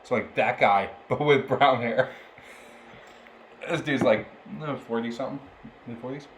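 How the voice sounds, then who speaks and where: A man's voice: mid-range voice, unhurried, fairly bright tone. A young man on a podcast, rambling through a story and laughing often as he goes. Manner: laughs often while telling stories, rambling. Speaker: podcast co-host. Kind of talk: casual storytelling chat. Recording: roomy echo with faint background noise.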